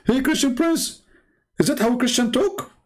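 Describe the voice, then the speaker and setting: A man's voice: sits high, rapid-fire, gravelly, mellow, husky, voice pushed up, full character voice. A man voicing a sneering male critic who mocks Christians in a sing-song tone. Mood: mocking.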